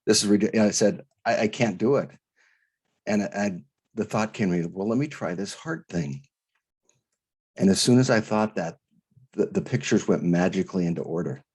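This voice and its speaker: Low husky man telling a story. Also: darkish tone. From Idaho. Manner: earnest, halting with restarts and quoted voices. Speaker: guest, author. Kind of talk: storytelling interview.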